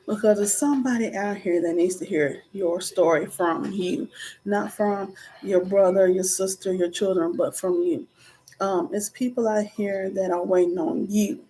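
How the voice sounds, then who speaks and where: This woman in her thirties has a dark, mid-range voice and speaks to camera as a vlogger offering inspiration. Her tone is sincere and chatty, dotted with ums and the occasional sermonizing aside.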